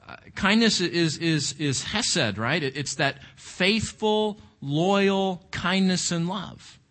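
A man's voice: high-pitched, animated, takes it slowly, fairly bright tone. A man leading an interactive Bible study, reflective, often asking the group questions and repeating words as he thinks.

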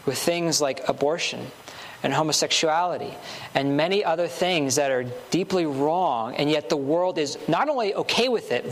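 A man preaching a sermon in a fairly high voice, earnest and insistent. He builds his points through short repeated phrases, with a faint hiss behind him.

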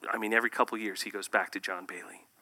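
Bright-voiced male preacher, loud and hushed. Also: fairly low pitch, steady tone, fast. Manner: swings between loud emphasis and hushed near-whispers. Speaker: pastor. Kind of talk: sermon.

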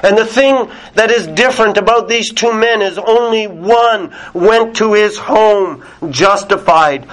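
A male preacher delivers a sermon to a small congregation. He speaks slowly and emphatically in a slightly high voice. He lets his voice fall almost to a whisper on the words he wants to land. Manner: deliberate, emphatic, drops very soft on key words.

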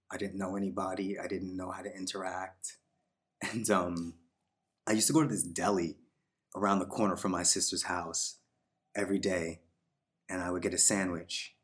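A man who is a podcast guest, telling a personal story in a reflective, unhurried way, with fillers and voiced quotes. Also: deep voice, a bit bright.

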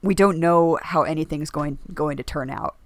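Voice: mid-range voice, moderate pace, no echo, studio quality. A podcast co-host talking casually about a book, rambling with lots of fillers and restarts.

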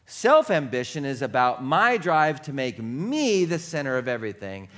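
A man's voice: medium pitch, big pitch swings, moderate pace, a bit bright. A male pastor preaching a sermon in a conversational, self-deprecating way, using playful repetition and humor. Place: church sanctuary.

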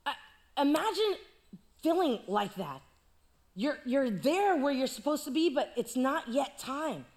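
Woman preacher, sermon, playful storytelling, high voice, very lively pitch. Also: unhurried. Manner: playful, animated storytelling with jokes.

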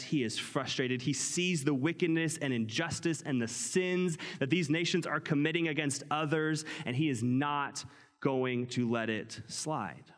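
A man preaching a sermon as pastor, reading scripture aloud and then explaining it in an animated, conversational way. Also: medium pitch, long reverb tail. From United States.

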